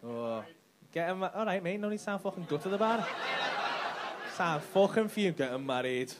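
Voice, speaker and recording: A man doing brash, sweary stand-up crowd work on a comedy club stage, shouting his punchlines. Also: high voice, animated, moderate pace, heavy background noise. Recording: live club with audience laughter.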